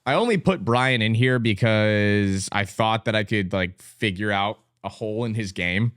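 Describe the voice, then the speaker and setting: Animated, teasing young man, low voice. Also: moderate pace, clean tone, dry recording, clean studio sound. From Texas. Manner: animated, exclaiming, teasing, laughing at what he reads. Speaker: vlogger and former competitive swimmer. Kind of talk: casual commentary, reacting on screen.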